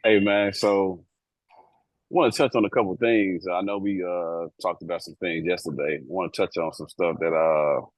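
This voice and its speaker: Man, low voice, co-host, slangy profane storytelling, animated, dry close sound. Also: normal speed, no room sound, low-quality recording. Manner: animated, acts out the people in his story. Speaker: airport police officer and co-host. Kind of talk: casual storytelling.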